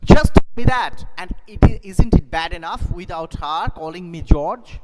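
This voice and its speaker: A man's voice: on the high side, lively intonation, a little slow, voice pushed up. Man doing an angry put-upon husband, raised voice, echoey hall. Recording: echoey hall, faint noise.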